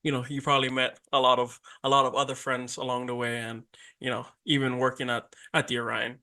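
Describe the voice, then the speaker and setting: A podcast host in casual interview chat, speaking softly and asking the guest questions. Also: mid-range voice, little pitch movement, brisk.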